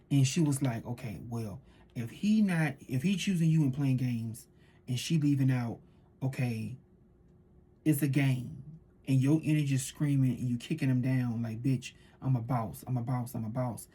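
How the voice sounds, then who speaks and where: A woman talks through a tarot reading in a loose, animated way and circles back to repeat her points. Her voice is breathy and husky, with a dark, relaxed tone. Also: rumbling low. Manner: animated storytelling with repeated phrases. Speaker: tarot reader. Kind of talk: casual tarot reading monologue.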